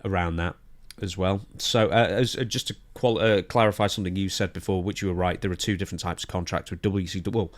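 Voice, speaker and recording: A man chatting casually on a podcast into a studio microphone, animated and excitable, with sudden loud outbursts. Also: low voice, fast. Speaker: podcast co-host.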